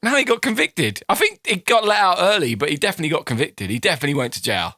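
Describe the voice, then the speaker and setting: Man, podcast co-host, casual, laughs often, bright tone, dry sound. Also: fairly high pitch, big pitch swings, no echo. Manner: laughs often, halting restarts.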